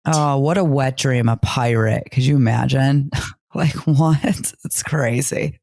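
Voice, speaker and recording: A woman's voice: very deep voice, slow, mellow. A woman co-hosting a podcast as a therapist, laughing often and making crude jokes in casual chat.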